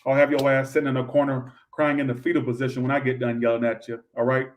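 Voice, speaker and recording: A man doing a live tarot reading, blunt and profane, breaking into loud outbursts now and then. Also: medium pitch, level tone, fast talker, far from the mic, dull audio. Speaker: tarot reader.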